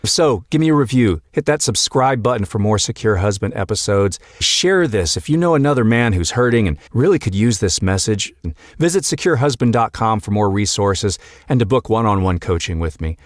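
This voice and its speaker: A man hosting his own podcast as a marriage coach, speaking earnestly and deliberately with emphatic pauses. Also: lowish voice, expressive, dry recording, studio quality. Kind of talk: solo podcast monologue.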